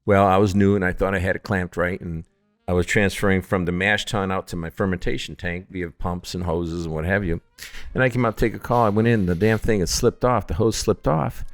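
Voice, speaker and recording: Animated storytelling man, lowish voice. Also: a little fast. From Upstate New York. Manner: animated storyteller acting out phone calls in other voices. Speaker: distillery founder, guest. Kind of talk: casual storytelling in a podcast interview.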